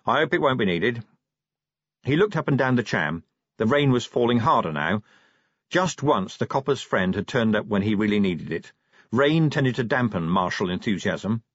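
A man with a husky voice narrates an audiobook, animated and full of expression. The pitch moves a lot, and the recording is dry with dull, lo-fi sound. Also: normal speed, no room sound.

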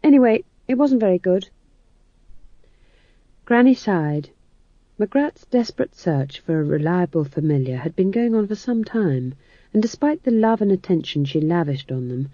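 Low-voiced woman reading a story, lively intonation, dry dull recording. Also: no echo. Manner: measured storytelling. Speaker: audiobook narrator. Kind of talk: scripted narration. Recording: dull dry studio read.

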